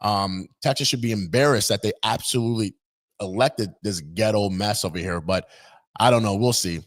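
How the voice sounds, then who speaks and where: A man's voice: lowish voice, normal speed. A man hosting an opinion vlog, talking in an indignant, mocking, rambling way. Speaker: political commentator host.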